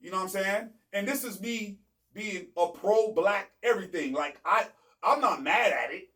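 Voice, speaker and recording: A man hosting a sports show, arguing hard in a loud, emphatic way and often asking "you know what I'm saying". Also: sits high, moderate pace, far from the mic. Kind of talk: heated sports debate.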